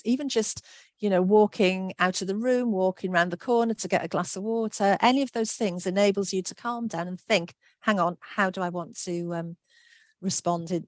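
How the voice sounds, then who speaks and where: A woman's voice: medium pitch, no room sound, clean studio sound. A woman giving an online workshop talk, friendly and reassuring, reading out answers from the chat. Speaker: workshop presenter.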